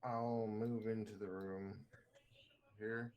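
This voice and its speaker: A man with a fairly low voice takes his turn as a player in a tabletop game. He talks his moves through in a casual, rambling way. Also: level tone, slow pace, clear, resonant tone, dull audio.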